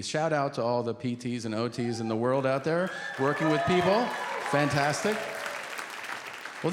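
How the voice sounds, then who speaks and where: Male stand-up comic, unhurried, swoopy lively pitch; live stage mic with steady room noise. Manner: drawn-out comic delivery, acting out quotes. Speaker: stand-up comedian. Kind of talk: stand-up storytelling. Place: stage before a live audience. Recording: live show with hall noise.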